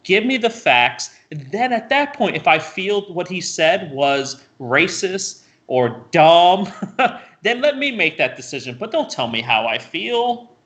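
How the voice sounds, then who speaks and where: A man co-hosting a casual political talk show, animated and ranting, who repeats words and restarts often. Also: high voice, a little slow. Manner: laughs often, swears casually. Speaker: co-host.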